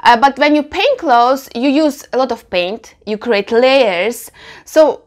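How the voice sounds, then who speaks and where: A woman's voice: high voice, slow. A young woman hosting her own channel, explaining painting techniques in a reaction video in an earnest, instructive way. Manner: explanatory, earnest, with occasional laughs. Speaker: clothing customizer and channel host.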